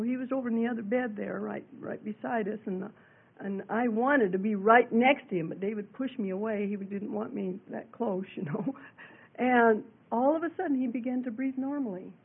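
A middle-aged woman preaches and tells her own testimony in an earnest, conversational way, full of "you know"s. Her voice sits high. The sound is thin and narrow, like an old radio broadcast heard over a phone line. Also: breathy edge. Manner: earnest, conversational storytelling with many fillers. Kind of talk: sermon and personal testimony.

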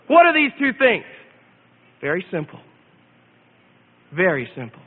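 Male pastor with a strikingly high voice, emphatic sermon delivery; thin lo-fi recording, long reverb. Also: wildly swooping pitch, breathy edge. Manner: emphatic, slows and repeats key phrases. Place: church sanctuary.

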